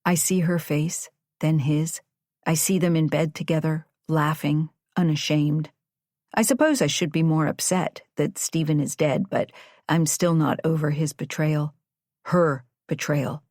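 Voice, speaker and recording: A woman narrating a first-person audiobook in a measured, reflective way. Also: sits low, a little mellow, dry recording, clean studio sound.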